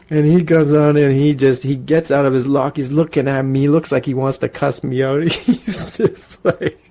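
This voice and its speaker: A Canadian man in his forties, a podcast host telling casual, profane stories in an animated way. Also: medium pitch, normal speed. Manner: animated, profane, storytelling with acted-out quotes. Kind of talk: casual storytelling monologue.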